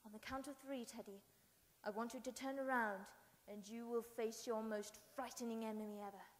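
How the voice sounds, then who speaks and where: A gentle old parson, as a woman puts him on, speaking low, slow and soft. He sounds calm and fatherly. A long hall reverb lingers. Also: lightly acted. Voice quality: soft, lowered and measured.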